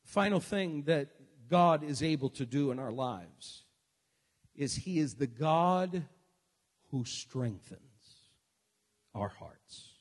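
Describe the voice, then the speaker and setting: Man preaching a sermon, high voice, long echo of a big church hall, hushed lines then shouted calls. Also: animated, takes it slowly, pauses often, breathy edge. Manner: swings from quiet musing to shouted exhortation.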